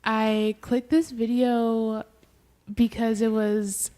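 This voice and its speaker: A woman co-hosting a podcast who tells stories in a relaxed, casual way, with lots of filler words. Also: fairly high pitch, slow. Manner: storytelling, relaxed, filler-heavy. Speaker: podcast co-host. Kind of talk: casual chat.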